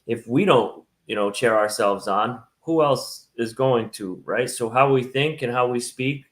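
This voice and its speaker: A man interviewing a fitness coach, speaking in a halting way with many fillers and restarts. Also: medium pitch. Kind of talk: casual interview conversation.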